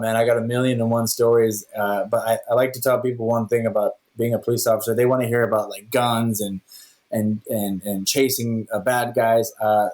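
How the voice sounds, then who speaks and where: A man who is a podcast guest, telling stories in a casual, animated way and acting out the dialogue. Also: mid-range voice. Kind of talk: casual storytelling.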